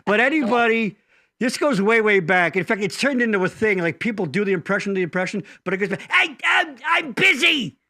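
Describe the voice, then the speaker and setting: A man's voice: high-pitched, fast, sharp tone, dry recording, clean studio sound. A man hosting a podcast in casual chat who rambles, restarts sentences and jokes with profanity. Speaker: podcast host.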